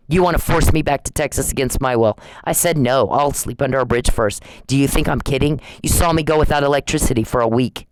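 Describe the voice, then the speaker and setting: A man's voice: mid-range voice, no echo, rough recording. A man in an angry, confrontational rant at home, accusing and taunting someone with repeated challenges.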